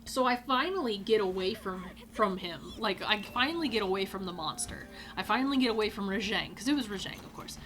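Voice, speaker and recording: A woman hosting a gaming video, telling a casual anecdote in an animated way, swearing freely and acting out quotes with loud cries. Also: mid-range voice, brisk, few pauses.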